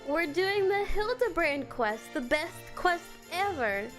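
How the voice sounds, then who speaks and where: A woman streaming a video game, chatting casually with her viewers, excitable and profane and laughing often. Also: very high voice, slow pace, soft background music. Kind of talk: casual gaming stream chat.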